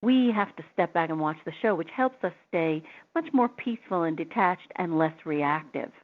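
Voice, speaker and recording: Woman radio host telling a story, lowish voice, thin phone-line sound. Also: animated, moderate pace. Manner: chatty, tells personal anecdotes. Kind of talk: advice talk show interview.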